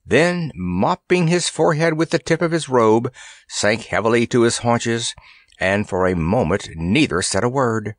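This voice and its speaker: A man narrating a children's fantasy story in an expressive, animated storytelling manner. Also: medium pitch, unhurried, dry recording, studio quality. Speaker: audiobook narrator.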